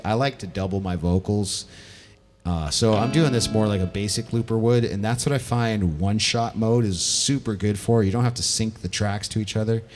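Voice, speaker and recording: A male live-looping musician walking through his gear in a loose, self-correcting way while he plays. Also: lowish voice. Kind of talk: casual gear demo. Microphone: vocal stage mic.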